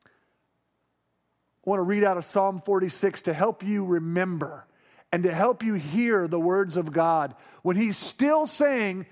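A man preaching a sermon, swinging between loud, emphatic repeated questions and hushed, calm lines. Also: high-pitched, slow pace.

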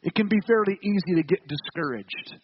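A high-pitched man preaching a sermon with earnest emphasis, asking the congregation questions and often repeating his words. The recording is a little dull, with a faint hiss behind it. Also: brisk. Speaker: pastor.

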